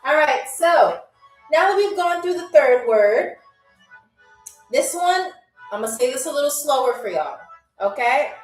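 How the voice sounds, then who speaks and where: A woman's voice: sits high, expressive, a little slow, pauses often, far from the mic, faint music behind. A woman hosting a live-stream trivia game show. She talks in a playful, teasing, chatty way to her viewers. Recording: roomy sound from away from the mic.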